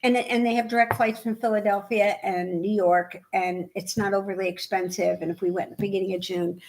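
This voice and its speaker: A woman co-hosting a podcast in casual chat, telling animated, rambling stories. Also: medium pitch, fairly quick. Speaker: podcast co-host.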